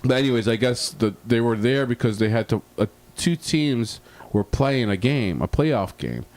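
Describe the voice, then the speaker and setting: A man co-hosting a podcast, telling a long, rambling bar story full of swearing in a casual, animated way. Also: medium pitch, moderate pace. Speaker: podcast co-host.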